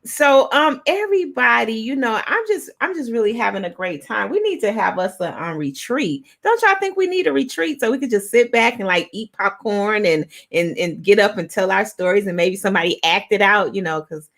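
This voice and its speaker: A woman hosting a talk show on a video call, raspy as she loses her voice, playful and effusive. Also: medium pitch, expressive, normal speed, hardly any pauses, fairly bright tone. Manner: effusive, playful, laughs often. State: losing her voice. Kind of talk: casual chat.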